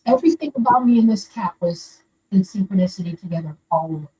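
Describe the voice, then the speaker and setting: A woman's voice: mid-range voice, expressive, fast, warm tone. An older woman from Florida calling in to share a personal story, talking in an earnest and rambling way. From Florida, USA. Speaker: caller sharing a story. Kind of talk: casual storytelling. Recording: distant mic with faint background noise.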